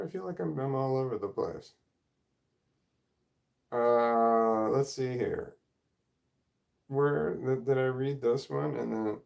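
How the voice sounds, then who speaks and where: Gravelly middle-aged man rambling. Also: mid-range voice, a little mellow. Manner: rambling, easily sidetracked, self-deprecating. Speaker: livestream host reading chat. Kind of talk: casual livestream chat. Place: home room, indoors. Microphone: camera or phone mic at desk.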